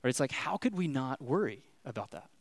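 A man's voice: mid-range voice, very animated, brisk, no room sound. A man in his thirties giving a sermon as a pastor, telling a personal story in a loose, chatty way with lots of fillers before turning to the scripture passage. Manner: casual storytelling with many fillers, rising animation when retelling scary moments.

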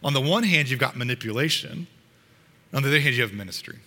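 A man's voice: medium pitch, lively intonation, quick pace, pushed and bright, long reverb tail. A man preaching a sermon to his congregation in an earnest, conversational way, sometimes restarting his sentences. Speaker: pastor.

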